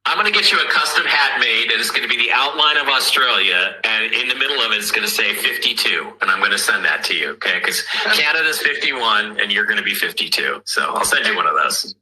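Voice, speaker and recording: A man's voice: fairly low pitch, lively intonation, fairly quick, few pauses, pushed and bright, rough recording. An American man chatting as a guest on a live online talk, rambling and restarting often, heard as radio-like audio. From United States. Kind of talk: casual chat.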